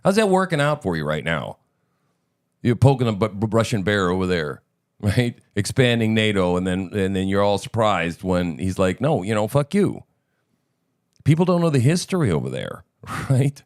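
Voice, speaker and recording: A male show host rants sarcastically and profanely about politics. His voice sits low but swings widely in pitch as he mocks and emphasizes. The delivery is emphatic and heated. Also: lively intonation, moderate pace, dry recording, studio quality. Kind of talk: political commentary over clips.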